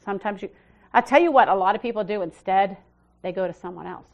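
A woman pastor, middle-aged, preaching in a loose, conversational way. She leans hard into her main points and then sinks to a quiet, low voice for personal asides. Her sentences often restart midway as she works out what to say. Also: fast, vocal fry, narrow, tinny audio. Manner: swings from emphatic to soft and low. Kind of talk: sermon.

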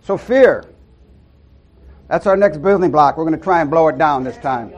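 A middle-aged man giving an informal sermon to a small church group, earnest and folksy, with loud whoops and amens. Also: fairly high pitch, normal speed, dull audio. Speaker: lay preacher.

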